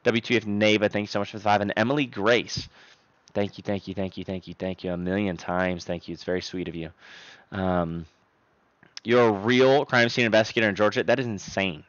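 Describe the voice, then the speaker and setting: A young man chatting casually on a live stream, loud one moment and mumbling the next. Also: fairly low pitch, a little fast, no room sound. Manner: animated, swings between loud outbursts and mumbling. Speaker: livestreamer. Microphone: streaming microphone. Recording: dry, dull lo-fi sound.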